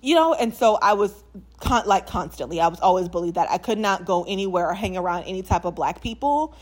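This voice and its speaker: A young woman from New Orleans with no local accent, chatting casually to camera in a life update, animated, with lots of fillers and frequent laughs. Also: medium pitch, fairly quick. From New Orleans, USA. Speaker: vlogger.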